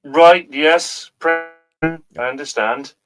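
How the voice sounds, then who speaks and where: A man's voice: fairly high pitch, slow pace, fairly bright tone, soft background music. A man co-hosting a comedy show, bantering casually with hesitant ums. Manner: hesitant, full of ums, laughs easily.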